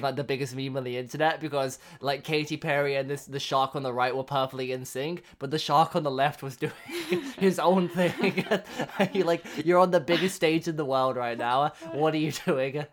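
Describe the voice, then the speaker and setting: A man's voice: mid-range voice, a little fast, a little hiss or hum. A young man co-hosting a relationship podcast, chatting casually with lots of fillers and frequent laughs. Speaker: podcast co-host. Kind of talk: casual chat.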